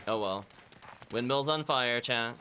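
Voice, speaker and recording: A man's voice: mid-range voice, measured pace, bright, forceful tone, slight background noise. A man streaming a video game, giving casual play-by-play commentary with wry asides to his chat. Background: game music.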